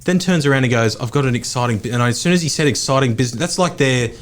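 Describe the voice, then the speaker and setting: A man chatting on a podcast with an average pitch, telling a loose, sweary anecdote. He mimics other people in quick asides and keeps a relaxed, casual tone. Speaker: podcast co-host, real estate agent. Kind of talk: casual chat.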